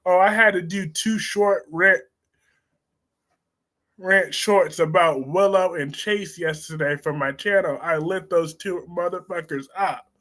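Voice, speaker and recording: A man hosting a live stream, reading viewer comments and reacting in a sassy, blunt, animated way. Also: high voice, measured pace. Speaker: host of a live soap opera discussion stream.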